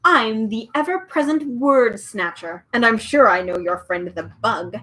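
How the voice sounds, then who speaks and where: A woman voicing a meddling male bird who snatches words, in a shrill, cackling, interrupting way. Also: unhurried, sharp tone. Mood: gleeful.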